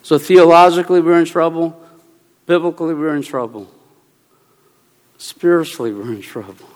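A man who is a Presbyterian minister, giving a humorous sermon talk with animated storytelling, bursts of exclamation and laughter. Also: fairly high pitch, moderate pace. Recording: long reverb of a large hall.

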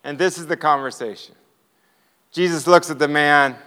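A man telling a personal testimony as a sermon, animated and storytelling. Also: on the high side, normal speed, smooth, big-room sound. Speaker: preacher.

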